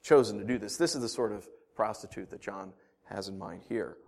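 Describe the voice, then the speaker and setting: A male pastor preaching a sermon, telling lively stories with frequent restarts and rising excitement. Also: a little fast. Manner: animated storytelling, rising pitch and volume in anecdotes, frequent restarts.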